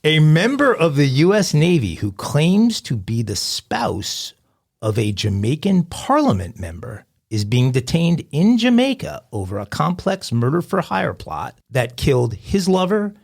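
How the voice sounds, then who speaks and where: Gravelly guy reading crime headlines, voice bounces around a lot, cracks jokes in between. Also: mid-range voice, very animated, a little slow, a little mellow. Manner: jokey, ad-libs asides while reading. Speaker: podcast co-host. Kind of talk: reading crime news on a podcast.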